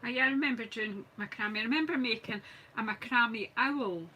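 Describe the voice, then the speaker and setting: A woman's voice: a little high, normal speed, pushed and bright, husky, rough recording. A Scottish woman chatting casually and thinking aloud as she demonstrates card making on a live stream. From Scotland. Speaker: craft demonstrator. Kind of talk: live craft stream chat.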